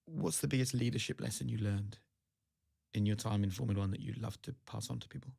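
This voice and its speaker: A man's voice: on the low side, fast talker, vocal fry, warm tone, slightly rough, dry recording, studio quality. A man hosting a podcast interview, easygoing, with short agreeing replies. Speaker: podcast host. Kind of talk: conversational interviewing.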